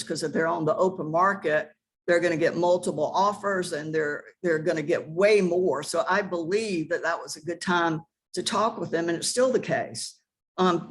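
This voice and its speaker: A woman speaking as a real estate agent and trainer on an online panel, upbeat and eager in a coaching tone. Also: on the low side.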